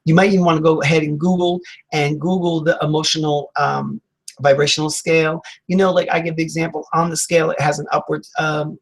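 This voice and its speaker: A talk radio host gives a chatty motivational self-help talk, full of fillers and acted-out reactions. His voice is on the high side, level in tone and brisk, and the recording is rough.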